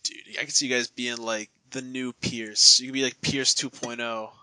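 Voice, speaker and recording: A man's voice: medium pitch, little pitch movement, normal speed, sharp tone, smooth, no room sound. A man in casual podcast chat, telling rambling jokey stories. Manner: rambling, joking storyteller.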